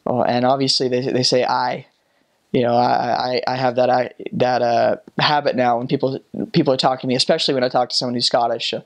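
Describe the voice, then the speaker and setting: A man in his twenties, a former missionary, talking casually and haltingly about his time abroad. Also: mid-range voice, highs cut off. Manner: relaxed, halting, full of fillers. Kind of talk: casual storytelling.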